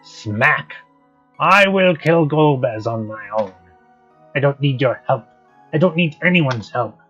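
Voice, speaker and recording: A man reading the lines of a grieving, vengeful old male sage from a game, slow and grave. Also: mid-range voice, lively intonation, a bit bright, breathy edge, voice pushed up, full character voice. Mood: grim. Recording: dull lo-fi stream audio, faint guitar music.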